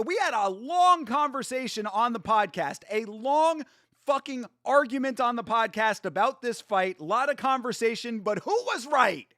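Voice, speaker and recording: A high-voiced man hosts a casual live watch-along, swearing freely and trash-talking the fighters. He reads viewer chat aloud, answers it, and laughs often. The sound is close and dry, with no room echo. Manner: excitable, profane, trash-talking. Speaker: host.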